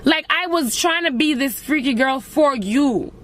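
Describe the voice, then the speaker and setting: Young woman, emotional vlogger, slightly high voice, confessional and raw. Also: unhurried, fairly bright tone, slight background noise. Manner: emotional, addresses viewers as guys. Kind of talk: emotional personal vlog.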